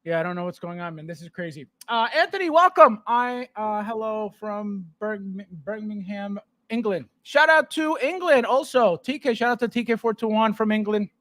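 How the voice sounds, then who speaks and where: A man's voice: high voice, moderate pace, sharp tone, no echo. A man hosting a casual livestream, greeting viewers by name and laughing often. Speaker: podcast host.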